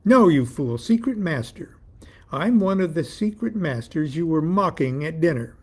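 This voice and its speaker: A man's voice: on the high side, sing-song, normal speed, breathy edge. A man doing a smug, cryptic secret master. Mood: brisk, smug. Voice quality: phony European accent at first, later plain. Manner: cryptic, mocking, pompous. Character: mysterious male secret master, smug and teasing.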